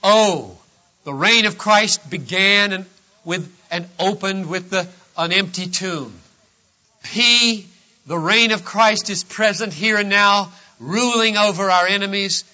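A man preaching a sermon as pastor, emphatic and swinging between loud declarations and hushed asides, on a dull lo-fi recording. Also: high-pitched, slow.

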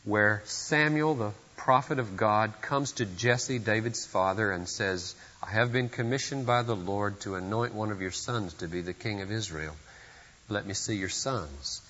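A man's voice: on the low side, measured pace, bright, forceful tone, big-room sound, muffled recording. A man preaching a sermon at a church service, earnest and emphatic, pressing his points with sudden surges of force. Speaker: pastor.

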